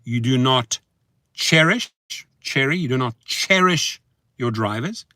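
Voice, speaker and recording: A man vlogging as a rideshare driver, rambling to his viewers in a sing-song, chanting way that swings between hushed murmurs and excited whoops. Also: mid-range voice, unhurried, no room sound, studio quality.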